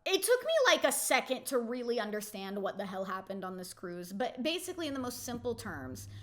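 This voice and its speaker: A woman in her twenties giving a casual, animated reality TV recap, full of rhetorical questions and "like" fillers. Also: on the high side, a little fast. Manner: heavy use of "like" fillers. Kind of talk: casual chatty episode recap.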